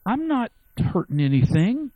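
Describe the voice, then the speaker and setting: A friendly, persuasive talking bear, as a preacher puts him on, with a high, coaxing voice. He sounds reasonable and eager to talk things over. The recording is close and dry. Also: very animated, measured pace, warm tone, dry recording, poor audio.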